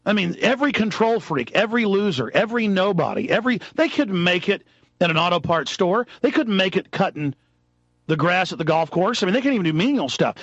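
A man hosting a radio talk show, delivering a heated, angry political rant that builds into shouting. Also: high-pitched, sing-song, dry recording, highs cut off. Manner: fast, angry, rising to shouts. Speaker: radio host.

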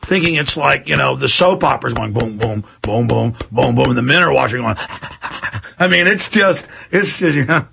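A man's voice: medium pitch, expressive, moderate pace, vocal fry, background noise. A middle-aged man hosting a talk radio show, rambling and emphatic, repeating himself and mimicking other voices. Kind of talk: heated talk radio commentary.

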